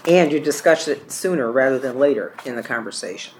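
A course trainer walks a class through phone skills for caregivers, working page by page through a training book. The voice sits in a middle pitch and reads each example aloud, often repeating or correcting a word along the way. Faint room noise hums underneath. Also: lively intonation, fairly quick.

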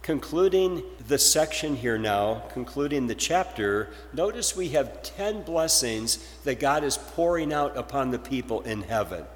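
A man's voice: mid-range voice, animated, unhurried, hardly any pauses, in a large hall. A male pastor delivering a sermon, posing rhetorical questions to his congregation.

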